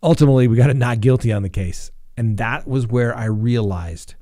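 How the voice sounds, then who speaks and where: A man's voice: medium pitch, brisk, warm tone. A middle-aged man, a defense attorney hosting a live show, telling courtroom stories casually and acting out the voices of the people in them. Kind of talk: casual live-stream storytelling.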